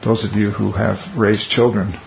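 A man's voice: on the low side, little pitch movement, moderate pace, vocal fry. A man leading a Bible study in a conversational teaching style. He asks the group rhetorical questions and makes wry, teasing asides. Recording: muffled lo-fi recording with faint hiss.

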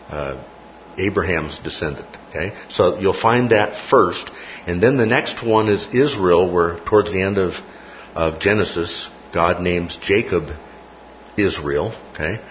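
Deep-voiced man teaching a Bible class. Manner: repeats key phrases, checks in with "okay?". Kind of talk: classroom lecture with questions. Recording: muffled recording with faint noise.

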